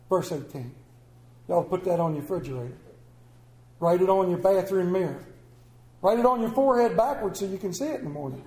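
A man's voice: high voice, a little fast, long pauses, darkish tone. A man preaching a sermon, telling folksy, exaggerated stories in a church. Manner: folksy storytelling with comic exaggeration. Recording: echoey room.

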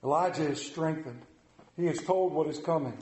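A man's voice: on the high side, normal speed, darkish tone, roomy sound. A man delivering an interactive sermon in a casual, conversational way, asking his listeners questions. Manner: conversational, asks the congregation questions. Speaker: preacher.

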